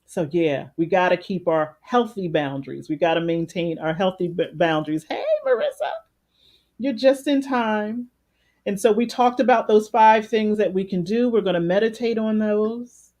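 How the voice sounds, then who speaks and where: Loud-voiced woman coaching a live meditation. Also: fairly low pitch, moderate pace, few pauses. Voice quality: big, loud speaking voice. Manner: conversational, greets live viewers by name between affirmations; repeats phrases for emphasis. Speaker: life coach leading a meditation. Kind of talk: live-streamed guided meditation talk.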